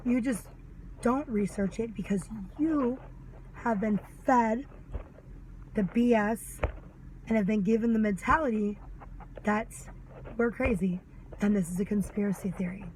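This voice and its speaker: A woman's voice: medium pitch, a little mellow, slight background noise, low-quality recording. A mother ranting angrily to camera, sarcastic and full of swearing. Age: adult mother. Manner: heated, sarcastic, swears a lot. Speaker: vlogger. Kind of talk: angry ranting monologue.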